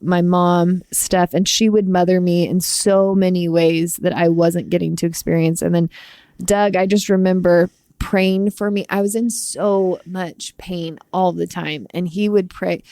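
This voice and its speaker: Low-voiced earnest woman on a podcast. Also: fairly even intonation, unhurried, warm tone, no echo. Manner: earnest, emotional, rambling with restarts. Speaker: podcast co-host. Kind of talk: heartfelt podcast conversation.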